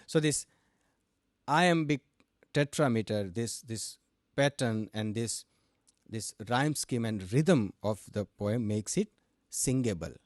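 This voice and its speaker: A man's voice: mid-range voice, animated, slow pace, no room sound, clean studio sound. A young Indian man, a Hindi speaker, teaching a lesson step by step, posing questions and answering them himself, and mixing English with Hindi. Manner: explains step by step, asks and answers own questions; switches between English and Hindi. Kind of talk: explanatory lesson.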